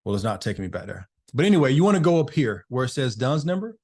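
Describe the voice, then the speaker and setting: A man's voice: medium pitch, very animated, quick pace, a little mellow. A man hosting a casual live online business masterclass, chatting loosely with participants by name over a video call.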